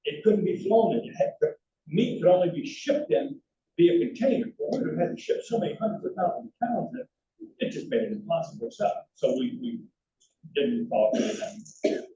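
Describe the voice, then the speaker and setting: High-pitched and fairly quick, an older man recounts anecdotes during a slide presentation, often backing up to restart his sentences with animated energy. The recording is a dull, distant, roomy hall capture.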